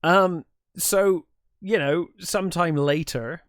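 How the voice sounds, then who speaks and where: A man on a film podcast recaps scenes in a relaxed, rambling way, full of fillers and restarts. His voice sits a little high for a man. It comes through dry, with no room sound. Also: slow, no room sound. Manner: relaxed, lots of ums and restarts while retelling scenes. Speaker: podcast co-host. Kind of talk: casual film chat.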